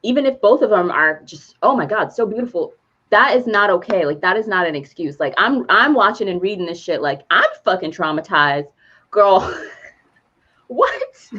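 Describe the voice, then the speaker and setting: A woman co-hosting a podcast who retells a movie plot in casual chat, animated and laughing as she goes. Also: medium pitch, moderate pace, muffled recording. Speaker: podcast co-host.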